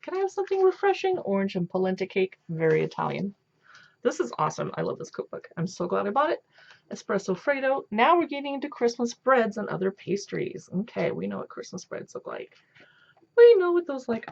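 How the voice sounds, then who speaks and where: A woman's voice: medium pitch, creaky. A woman chatting casually as she flips through a cookbook, gushing and thinking aloud. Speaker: cookbook reviewer. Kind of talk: casual flip-through commentary. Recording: dull lo-fi home video audio.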